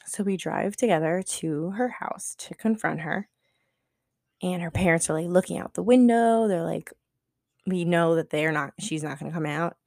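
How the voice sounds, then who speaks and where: A woman with a low, gravelly voice tells a story on her podcast, casual and profane. She sprinkles "like" everywhere and acts out what people said. The sound is close and dry. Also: normal speed, a little mellow, dry recording. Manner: chatty, profane, heavy use of "like"; acts out quoted dialogue. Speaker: podcast co-host.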